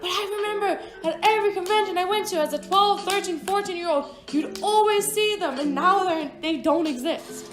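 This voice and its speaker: This roughly twenty-year-old vlogger's voice is very high-pitched, and she talks a little fast with barely a pause. She rambles through a casual storytime over a speedpaint, swearing frequently and adding asides, with an echoey room and background music.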